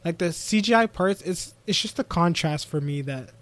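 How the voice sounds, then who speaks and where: A man on a casual podcast retells an anime episode, slipping into quick impressions of each character as he goes. His voice sits a bit higher than most men's. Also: dry recording. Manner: animated storyteller acting out characters' lines. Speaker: podcast co-host.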